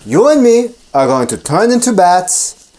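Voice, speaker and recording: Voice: medium pitch, sing-song, a little slow, warm tone, pitched above the performer's own voice. A comedian voicing a campy vampire count fussing over his lost bird, with a hammy mock-Romanian accent in an improvised comedy bit. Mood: bossy.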